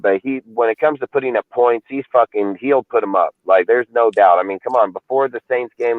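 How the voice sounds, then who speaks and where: A man's voice: medium pitch, dry recording. A man hosting a casual sports talk podcast, ranting and swearing constantly in a fired-up way. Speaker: podcast host. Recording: dry, phone-like lo-fi audio.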